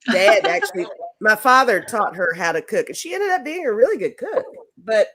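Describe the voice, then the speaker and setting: A woman co-hosting a casual livestream chat, telling stories in an animated way and trailing off softly. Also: mid-range voice, brisk. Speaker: co-host.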